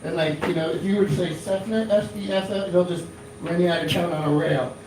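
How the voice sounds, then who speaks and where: A man's voice: sits high, fairly even intonation, fairly quick, a little mellow, slight background noise. A man in his thirties from Florida doing a rambling stand-up comedy set in a small club, full of fillers and restarts. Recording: echoey club from a distant mic.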